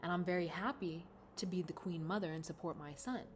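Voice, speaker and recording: A woman's voice: lowish voice, a little fast, a little hiss or hum, lightly acted. A woman voicing an older widowed queen mother, haughty and defensive, stammering when pressed, in a bedtime story. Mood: hesitant.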